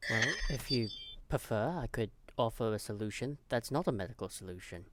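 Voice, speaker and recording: A man playing a calm Vulcan officer. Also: mid-range voice, lightly acted. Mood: measured. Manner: measured, matter-of-fact explaining. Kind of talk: tabletop role-play in character.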